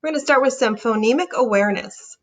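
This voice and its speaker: A woman teaching a reading lesson, sounding out words slowly and encouraging young readers. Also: a little high. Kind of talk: slow, clear phonics lesson.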